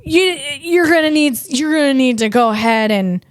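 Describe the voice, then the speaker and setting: A woman with a high, expressive voice hosts a comedy podcast, chatting and riffing casually at a moderate pace and often interrupting herself. The recording is studio quality with no room sound.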